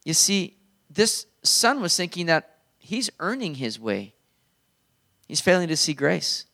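A male pastor delivers a sermon in an earnest, conversational tone. His speaking voice sits slightly higher than average for a man. He talks plainly and directly, as if to a congregation. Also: big pitch swings, slow pace, vocal fry, sharp tone.

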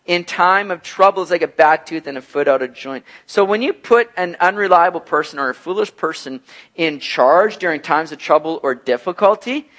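Animated, high-voiced male preacher. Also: normal speed. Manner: lively, acts out bubbly and gloomy voices in his examples. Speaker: pastor. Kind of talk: expository sermon, casual and animated.

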